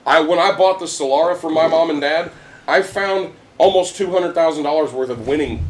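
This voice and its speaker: Fast-talking man swapping casino stories. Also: on the high side. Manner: profane, animated anecdote telling. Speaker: bar chat participant. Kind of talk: casual bar chat storytelling.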